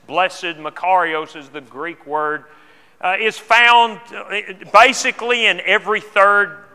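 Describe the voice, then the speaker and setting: Male preacher, earnest sermon, stumbling restarts, high voice, echoing church hall. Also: sharp tone. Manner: earnest, repeats words when restarting. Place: church auditorium. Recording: long hall reverb.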